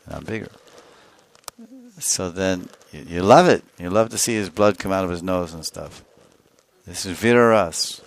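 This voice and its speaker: A man's voice: deep voice, moderate pace. A man giving a scripture lecture as a spiritual teacher, telling stories animatedly and acting out scenes. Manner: animated storytelling, acts out scenes.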